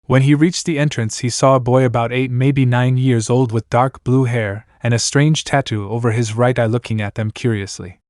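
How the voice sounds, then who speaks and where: Man, story narration, steady reading, mid pitch, dry close sound. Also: moderate pace, hardly any pauses, no room sound. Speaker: fanfiction reader.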